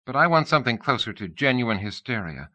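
A man's voice: mid-range voice, very animated, brisk, bright, forceful tone. A man voicing a restless young woman with a blunt, dry, teasing manner. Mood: commanding.

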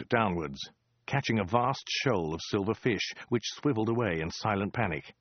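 Low-voiced man narrating wryly. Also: expressive, normal speed, dry recording, highs cut off. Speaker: audiobook narrator. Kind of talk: scripted comic narration.

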